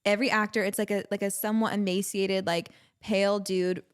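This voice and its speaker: Fast-talking young woman podcast host. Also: medium pitch, little pitch movement, clear, resonant tone. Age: 20s. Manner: quick, chatty, agreeable. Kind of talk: casual chat.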